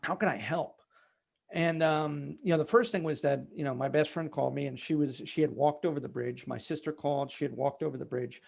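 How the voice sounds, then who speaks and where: A man, a company founder, tells a personal story candidly in an interview, reliving events vividly and using many fillers. His voice sits on the high side, brisk and creaky, with a darkish tone.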